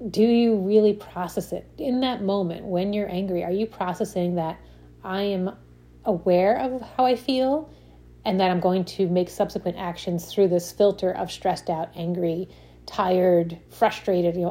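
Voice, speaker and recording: A woman's voice: medium pitch, warm tone. A woman giving a casual self-help talk, often checking in with "right?" and restarting her sentences. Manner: explains with frequent "right?" check-ins and examples. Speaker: speaker on stress and habits.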